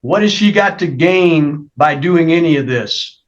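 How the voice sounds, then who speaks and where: A man's voice: fairly high pitch, expressive, measured pace, dull audio. A male judge at a hearing, asking firm, probing questions.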